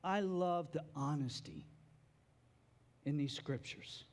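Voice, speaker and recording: A man's voice: on the high side, expressive, slow pace. A man, a father, preaching a sermon in a chatty, conversational way, repeating words as he builds each point. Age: adult father. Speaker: pastor.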